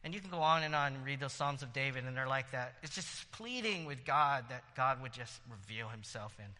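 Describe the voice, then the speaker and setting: A man preaching a sermon in a lively, conversational way, with quick asides and laughter. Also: medium pitch, big-room sound. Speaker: pastor.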